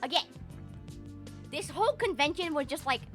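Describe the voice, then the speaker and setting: Bright-voiced, high young woman streamer. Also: moderate pace, soft background music. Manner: animated, profane, rambling with frequent fillers. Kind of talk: casual livestream chat.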